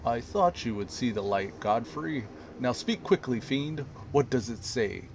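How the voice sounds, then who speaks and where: A man's voice: mid-range voice, animated, unhurried, creaky, a little mellow, slight background noise. A man voicing a zealous male holy inquisitor, reading threats in a theatrical, menacing, sermon-like way. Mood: fierce.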